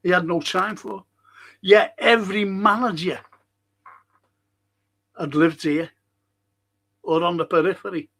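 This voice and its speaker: High-voiced Scouse man ranting. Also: steady tone, measured pace, gravelly, long pauses. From Liverpool, England. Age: older. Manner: passionate, ranting, swinging between loud outbursts and low muttering. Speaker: podcast host reading chat. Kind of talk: casual live-stream chat.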